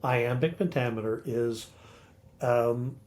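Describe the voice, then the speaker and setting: A man's voice: medium pitch, slow, darkish tone. Teacherly older man explaining poetry. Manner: teacherly, recites verse rhythmically, asks rhetorical questions. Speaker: podcast co-host, literature scholar. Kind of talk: casual explanatory chat.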